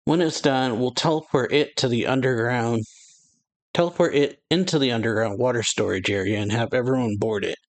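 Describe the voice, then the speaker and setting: A man's voice: mid-range voice, brisk, natural voice. A man reading aloud the lines of a determined young girl planning an escape, in his own plain voice. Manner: reads the lines plainly, barely changing his voice.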